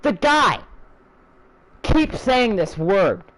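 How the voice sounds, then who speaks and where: A young man with a fairly high voice rants with heat and open sarcasm. He swears constantly and drives his points home with mocking disbelief. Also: sing-song, very slow, a bit bright, low-quality recording. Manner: angry, profane, sarcastic, heated. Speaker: channel host ranting. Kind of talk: profane wrestling rant.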